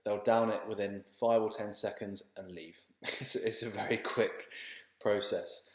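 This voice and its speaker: A man teaching beginners in a relaxed, chatty and reassuring way, often repeating his words. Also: on the low side, unhurried, roomy sound. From England. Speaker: language teacher. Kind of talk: casual spoken lesson.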